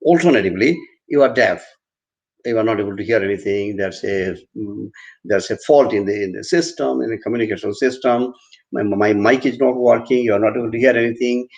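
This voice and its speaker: Low-voiced man lecturing with many restarts. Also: brisk, gravelly, darkish tone. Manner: repetitive, restarting, explains with everyday examples. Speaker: university lecturer. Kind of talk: online class lecture.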